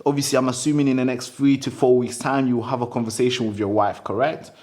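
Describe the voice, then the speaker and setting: A young man chatting casually about door-to-door selling, his voice at an ordinary middle pitch. He talks animatedly, slips into mock sales pitches, and swears freely, tossing in "bro" and "man" at every turn. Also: fairly even intonation, quick pace, a little mellow. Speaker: sales company owner giving sales advice. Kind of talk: casual podcast chat.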